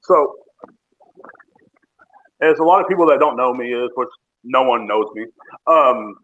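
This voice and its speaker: A podcast host drinks bourbon while he rants in a profane, joking, rambling style. His medium-pitched voice is pushed and bright, his pace a little slow. He records on a phone, and the app audio sounds tinny.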